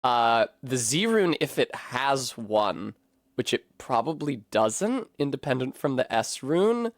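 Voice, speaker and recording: A man's voice: medium pitch, very animated, slow pace, dry recording, clean studio sound. A man streaming a video game, rambling casually and swearing as he goes off on tangents. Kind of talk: casual gaming commentary.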